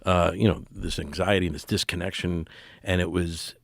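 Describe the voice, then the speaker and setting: A middle-aged man talking as a podcast guest, earnest and halting, full of fillers and restarts. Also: low-pitched, fairly even intonation, gravelly, no room sound. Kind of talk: casual podcast conversation.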